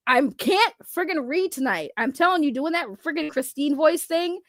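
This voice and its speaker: A woman with a high voice hosts a casual reaction livestream. She rambles through chat messages in loose trash talk that often breaks into laughter. Her voice sounds close and dry. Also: lively intonation, moderate pace, fairly bright tone, no echo. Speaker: streamer.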